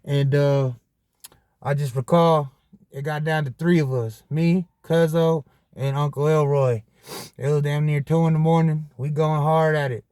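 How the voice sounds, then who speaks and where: A man hosting a podcast, telling a story in a casual monologue full of profane, animated street slang. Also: on the high side, measured pace, clean tone, dry recording, clean studio sound. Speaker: podcast host.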